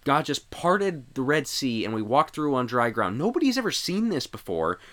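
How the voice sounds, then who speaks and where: A man co-hosting a Christian podcast, talking in an animated way and acting out the voices he quotes. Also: medium pitch, normal speed. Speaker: podcast co-host. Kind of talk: casual Christian podcast discussion.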